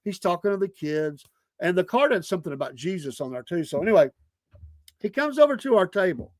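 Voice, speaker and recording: Speaking fairly quickly and close to the mic, a middle-aged Southern man with a voice a bit high for a man hosts a podcast of casual storytelling. He's relaxed and chatty, often laughing and slipping into little acted voices, and the recording is dry.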